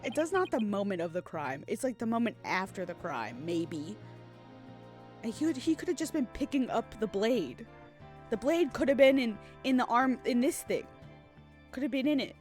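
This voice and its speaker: An excitable young woman streamer reacting to a game, her pitch bouncing all over. She giggles and chats to herself, with game music behind. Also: moderate pace. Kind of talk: casual game commentary.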